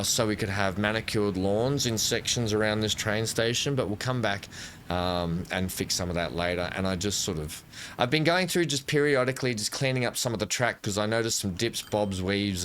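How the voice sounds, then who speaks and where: A man's voice: on the low side, moderate pace, a bit bright, slight background noise. Man thinking aloud over gameplay. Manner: thinks aloud while building, self-correcting. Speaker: gameplay commentator. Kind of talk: casual let's-play commentary.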